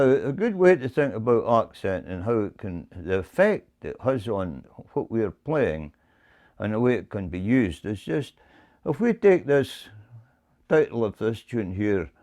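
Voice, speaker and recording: A man explains bagpipe music slowly. His pitch rises and falls a lot, and he repeats words as he thinks his way through each point. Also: a little mellow. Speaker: bagpipe teacher. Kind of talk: explaining to camera.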